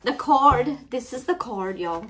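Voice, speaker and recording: A woman's voice: a little high, expressive, slow, a bit bright, slight background noise. A middle-aged woman with a Cajun Louisiana accent, chatting casually in an unboxing vlog, tearful and heartfelt, often apologizing. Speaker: crafting channel vlogger.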